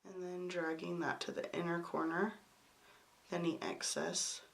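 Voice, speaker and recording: Casting note: young woman beauty vlogger, hoarse with a cold, slightly low voice, chatty and apologetic. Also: little pitch movement, a little slow, noisy background. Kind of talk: makeup tutorial talk.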